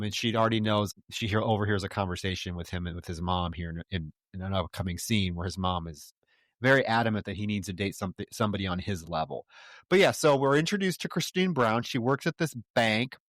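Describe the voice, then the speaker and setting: A man's voice: fairly low pitch, dry recording, clean studio sound. A man co-hosting a movie podcast, casually and animatedly retelling scenes. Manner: animated retelling, slips into acted quotes. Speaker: podcast co-host. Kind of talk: casual movie review chat.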